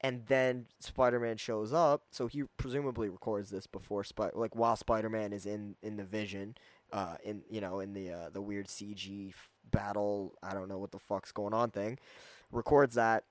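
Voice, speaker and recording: A man giving a casual, rambling movie review, full of fillers and quick acted-out quotes. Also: on the low side, fairly even intonation, dry recording. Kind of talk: casual spoken film review.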